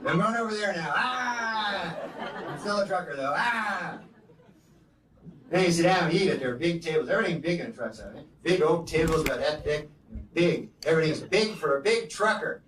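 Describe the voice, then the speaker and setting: A man doing a stand-up comedy set with a rambling, deadpan delivery full of "you know"s, from a comedy club stage with the audience laughing. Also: on the high side, fast, hardly any pauses, distant mic, background noise. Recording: echoey live club recording with loud crowd laughter.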